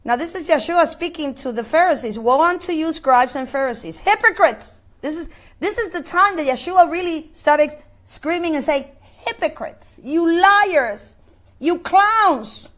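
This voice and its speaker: A woman's voice: sits high, moderate pace, a bit bright. A woman preaching a sermon, impassioned, with many repetitions and quoted scripture. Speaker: pastor.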